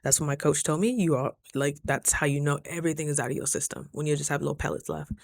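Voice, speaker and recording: A woman's voice: low voice, steady tone, fast talker, gravelly, a little mellow, dry recording. A woman talking through a casual diary vlog, earnest and reflective, sometimes close to tears. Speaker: vlogger.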